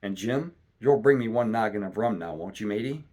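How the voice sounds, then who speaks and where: A man voicing a sick, rum-craving old pirate captain who talks in gruff, salty seaman's slang, reading a storybook aloud. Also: fairly low pitch, expressive, brisk, a little mellow. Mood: pleading. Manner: gruff salty seaman's talk, pleading then cursing.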